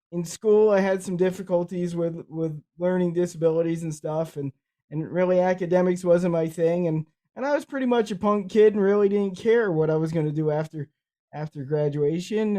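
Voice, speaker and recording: A man with cerebral palsy co-hosts a podcast in easy, wandering conversation. His voice is mellow and dark, and he often doubles back on his words mid-sentence. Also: sits high. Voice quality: speech affected by cerebral palsy. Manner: rambling, repeats words and restarts. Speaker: podcast co-host. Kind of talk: casual conversational storytelling.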